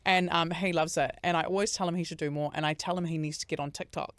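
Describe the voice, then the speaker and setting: A man's voice: a little high, fairly even intonation, quick pace, fairly bright tone, dry recording, studio quality. A young man, hosting a podcast and telling stories in casual chat, full of "like". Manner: chatty storyteller, heavy use of "like". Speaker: podcast host.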